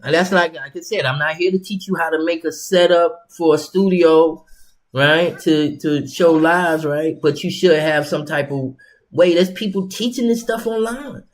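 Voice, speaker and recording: A man's voice: on the high side, moderate pace. A man hosting his own show, talking casually and rambling with repeated words and slang. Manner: rambling, repetitive, conversational with slang. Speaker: host. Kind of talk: casual instructional monologue.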